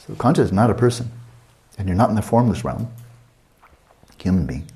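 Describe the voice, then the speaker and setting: A man in his sixties teaching a meditation retreat, talking calmly and reflectively and asking many searching questions. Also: lowish voice, brisk. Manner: calm, reflective, asks many rhetorical questions.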